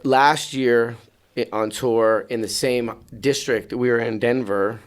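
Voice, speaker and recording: Man telling a story with loud acted-out voices. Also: medium pitch, steady tone, slow. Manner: acts out quotes in loud raised voices. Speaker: BMX show announcer. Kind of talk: animated storytelling. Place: podcast studio.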